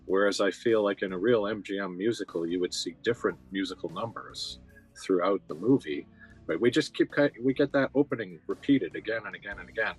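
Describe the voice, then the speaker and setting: A man with a very deep, husky voice talks through a film in an unhurried way. He is measured and thoughtful, pausing on fillers as he works out his points. Faint music runs beneath him. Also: rough recording. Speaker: podcast co-host. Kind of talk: casual film discussion.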